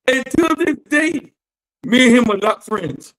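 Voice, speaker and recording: A man's voice: very high-pitched, a bit bright, low-quality recording. A man in a casual podcast chat, animatedly telling an indignant story about a friend who betrayed him.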